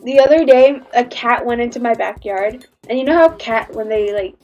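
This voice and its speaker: A woman's voice: on the high side, normal speed, a little mellow, dull audio, soft background music. A woman hosting a casual reaction livestream, rambling and giggly with lots of restarts. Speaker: livestream host.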